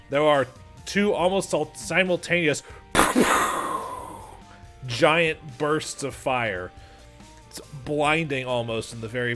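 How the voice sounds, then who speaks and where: Bright-voiced male game master narrating. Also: medium pitch. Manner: halting, restarts mid-sentence while narrating.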